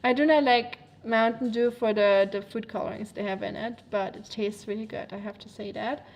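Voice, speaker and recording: A woman's voice: on the high side, steady tone, normal speed. Chatty woman with a German accent. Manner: chatty, rambling, filler-heavy, laughs often. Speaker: livestreamer reading chat. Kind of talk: casual livestream chat.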